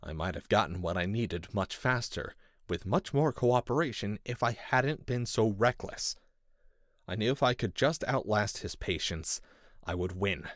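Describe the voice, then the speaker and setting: Low, lively male audiobook narrator. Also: dry recording, studio quality. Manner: measured and intense, with lively pitch. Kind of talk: first-person scripted narration.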